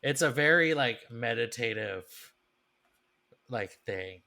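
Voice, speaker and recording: A man co-hosting a podcast, telling stories in chatty, animated casual conversation. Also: medium pitch, slow pace. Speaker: podcast co-host. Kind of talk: casual chat.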